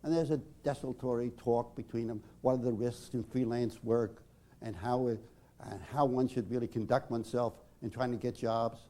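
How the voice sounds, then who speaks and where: A male psychotherapist lecturing on group therapy in a measured, emphatic way with dramatic pauses. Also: mid-range voice, fairly even intonation, warm tone.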